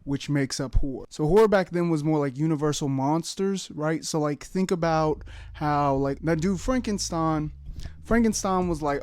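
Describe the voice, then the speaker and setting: A man's voice: on the high side, normal speed, darkish tone, smooth, no echo, soft background music. A man giving a casual video essay as a YouTuber, joking and rambling with lots of fillers and swearing.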